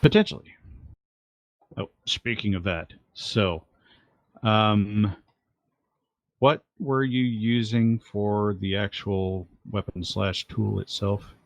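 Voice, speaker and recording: A man's voice: lowish voice, slow, vocal fry, pauses often, no room sound. A man narrating a tabletop game as game master, in a rambling, hesitant way with fillers, recorded at home on a desk mic over voice chat.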